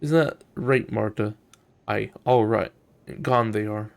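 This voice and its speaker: A man's voice: lowish voice, slow, creaky, voice pushed down. A man voicing an elderly, sour, batty woman who mutters to herself in a sing-song way. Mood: muttering.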